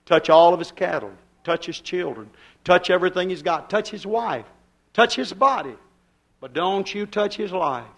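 Preacher giving voice to a boastful, commanding God, high and ringing. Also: male voice, animated, moderate pace. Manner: boasting, declaring. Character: proud, commanding male God on a throne.

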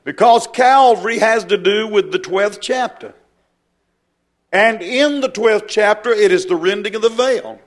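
A male preacher delivering a sermon, slow and emphatic, drawing out repeated phrases. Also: high-pitched.

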